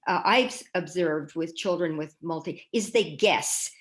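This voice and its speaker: A woman's voice: on the low side, measured pace, low-quality recording. Woman explaining how to model reading aloud. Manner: thinks out loud, models words step by step. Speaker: reading specialist panelist. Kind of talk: casual panel discussion.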